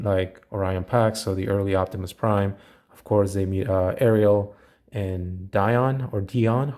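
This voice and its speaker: A man giving a casual, rambling toy unboxing review with many fillers. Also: fairly low pitch. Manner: relaxed, rambling with frequent fillers.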